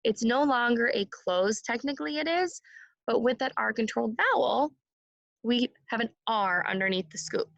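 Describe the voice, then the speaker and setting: A woman teaching a second grade phonics lesson, sounding out words slowly and clearly and having the class repeat after her. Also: a little high, expressive, no echo, lo-fi sound.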